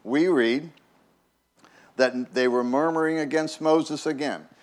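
A man's voice: a little high, slow. Folksy man preaching a casual sermon. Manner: folksy, restarts words, asks "right?". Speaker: pastor. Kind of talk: conversational sermon.

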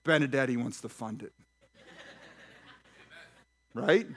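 A pastor preaching a sermon in church, lively and talking straight to the congregation with questions and jokes. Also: male voice, medium pitch, slow pace, husky. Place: church sanctuary.

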